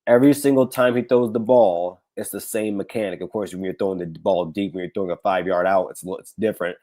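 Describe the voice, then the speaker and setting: A man with a raspy, hoarse voice hosts a casual sports talk livestream, rambling with many fillers and restarts. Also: deep voice, fairly even intonation, a little fast, dark tone. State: hoarse, recovering from illness. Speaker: podcast host.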